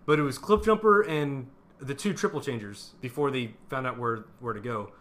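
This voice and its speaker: A young man co-hosting a casual movie review podcast, excited and laughing, swearing freely. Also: medium pitch, moderate pace. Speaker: podcast co-host.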